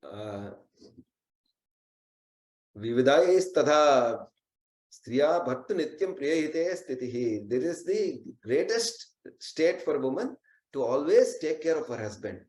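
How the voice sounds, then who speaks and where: A man's voice: fairly high pitch, very animated, slow pace, darkish tone. A man voicing a devoted Brahmin wife who begs, earnestly, to be the one to go. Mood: pleading. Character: devoted Brahmin wife offering her life. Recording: roomy echo.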